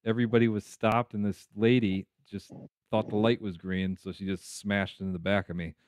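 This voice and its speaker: A man's voice: lowish voice, level tone, normal speed, clear, resonant tone, no echo, clean studio sound. A man hosting a motorcycle live stream, asking questions and reading the chat in a casual, friendly way.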